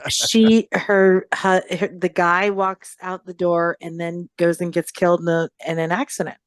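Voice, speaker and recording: A woman's voice: lowish voice, level tone, measured pace, no room sound. A woman in casual podcast chat, giving blunt opinions about songs with trailing fillers. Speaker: podcast co-host.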